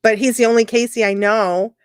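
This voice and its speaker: A woman's voice: fairly high pitch, steady tone, brisk, smooth, no echo, studio quality. A woman who works as a psychic medium, chatting on an internet radio show and telling rambling, emotional stories full of restarts. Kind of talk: casual radio conversation.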